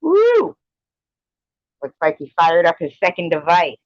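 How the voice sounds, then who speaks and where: A man's voice: fairly high pitch, little pitch movement, brisk, dry recording. A man hosting a casual trivia livestream from home, keeping score and teasing the players in a chatty way. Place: at home with a cat. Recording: dull, dry lo-fi stream audio.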